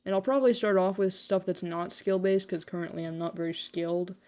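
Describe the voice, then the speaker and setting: A woman's voice: lowish voice, fairly even intonation, brisk, warm tone. A young woman live-streaming a game, chatting casually in a rambling way, full of fillers, freely swearing and poking fun at herself. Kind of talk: casual live-stream chat while gaming.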